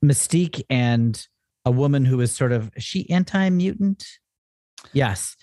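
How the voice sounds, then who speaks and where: A man co-hosting a comics podcast, sounding wry and joking as he recaps the plot. His middle-pitched voice is recorded dry and close, with no room sound. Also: animated, measured pace, mellow, no echo. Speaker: podcast co-host. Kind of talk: casual comics discussion.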